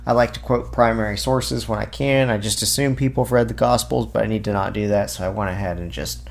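A man's voice: lowish voice, steady tone, fast talker, gravelly. A man giving an informal apologetics talk. He reads scripture passages aloud and breaks off with casual asides and fillers. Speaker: Christian apologist.

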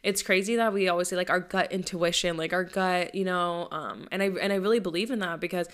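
A woman's voice: fairly low pitch, steady tone, fairly quick, a bit bright, smooth. A young woman hosting a podcast, talking casually and rambling with lots of fillers and swearing. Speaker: podcast host. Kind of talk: casual chat.

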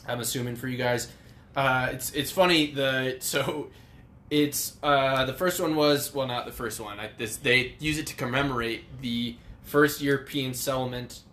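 A man's voice: medium pitch, fairly even intonation, moderate pace, a bit bright. A man co-hosting a casual podcast, rambling and laughing often, swearing casually. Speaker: podcast co-host.

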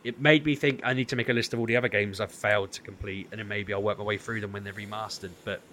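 Slight background noise sits under this man's quick, fairly low voice as he co-hosts a podcast. He tells a long story casually, acting out plenty of quotes in animated voices.

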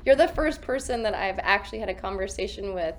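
A woman telling stories in a casual interview over a video call from a hotel room, animated and laughing, acting out her own lines while recovering from covid. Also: medium pitch, fast. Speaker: actress guest.

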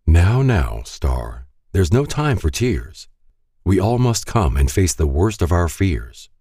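A man's voice: low-pitched, very animated, slow, mellow, husky, dry recording, studio quality, exaggerated voice. A man voicing a sinister robed cult guide who speaks smugly in sing-song rhymes. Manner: smug, sing-song rhyming.

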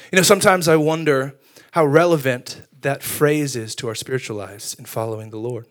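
A young man preaching a sermon, telling funny stories about himself with lively energy. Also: medium pitch, brisk. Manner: animated storytelling with self-deprecating humor. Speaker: youth pastor.

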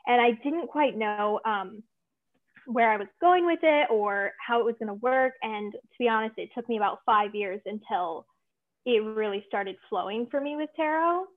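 A woman's voice: on the high side, moderate pace. A young woman, a tarot reader and witch, talking earnestly as a guest in a casual interview, with many fillers. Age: young adult. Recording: tinny phone-like remote line.

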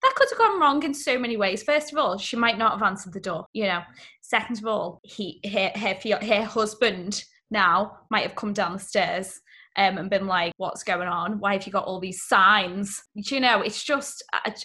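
A woman's voice: mid-range voice, expressive, normal speed, bright, forceful tone. A young woman co-hosting a casual chat, blunt and emphatic, swearing freely.

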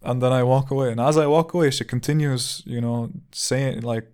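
A man's voice: mid-range voice, fairly even intonation, a little fast, darkish tone, clean tone. A man hosting a podcast, telling a personal story in a candid, reflective way, often repeating words as he thinks. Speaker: podcast host. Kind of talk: casual storytelling monologue.

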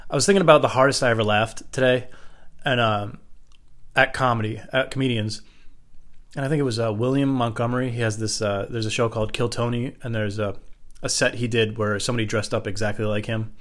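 A man's voice: mid-range voice, a bit bright. A man doing stand-up, telling rambling stories in a loose, profane, digressive way. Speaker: stand-up comedian.

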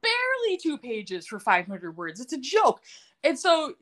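Sarcastic laughing woman, lively voice. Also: sits high, measured pace. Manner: sarcastic, laughing, blunt and profane. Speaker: podcast host recapping a TV series. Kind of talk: casual chat.

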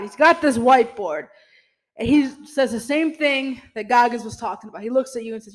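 A fast-talking podcast host with a medium pitch and lively intonation fires off an emphatic pep talk over a rough recording. Speaking directly to "y'all," the host keeps saying "you know" and swears mildly.

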